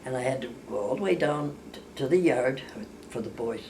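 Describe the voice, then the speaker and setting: An older woman with a bass, mellow voice tells family stories in casual talk, speaking fairly quickly and expressively. She rambles, restarting and correcting herself often, and acts out the voices of the people she describes. The distant mic picks up a faint background hiss.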